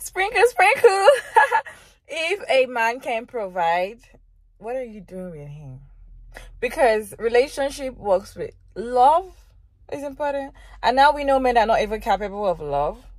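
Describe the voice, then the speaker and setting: A woman's voice: a little high, very animated, measured pace, dry recording. A woman vlogger giving reaction commentary in an emphatic way, repeating phrases for effect.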